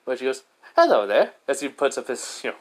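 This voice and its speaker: A man narrating a fan story off the cuff, with a mid-pitched voice. He rambles, corrects himself often and fills gaps with "you know" and "basically.". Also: little pitch movement, fast talker. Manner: rambling, lots of fillers and self-corrections.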